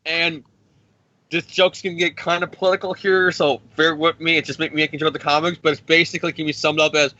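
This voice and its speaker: A bright, fairly high male voice tells a comic-book story with crude sarcasm and plenty of swearing. He trips over his words and restarts often. The recording is dry and close but dull and lo-fi. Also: little pitch movement, a little fast, no room sound. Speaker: comics podcast host. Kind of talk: casual comic recap with put-on voices.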